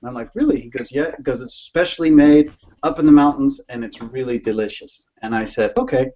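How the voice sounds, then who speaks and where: A man's voice: mid-range voice, a little fast, dark tone, muffled recording. A man on a casual video call, rambling through a story and laughing often. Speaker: guest.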